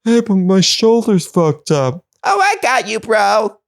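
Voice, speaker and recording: Chirpy bro-ish desert plant, squeaky falsetto — a man puts it on. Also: wildly swooping pitch, measured pace, gravelly, exaggerated voice. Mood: goofy.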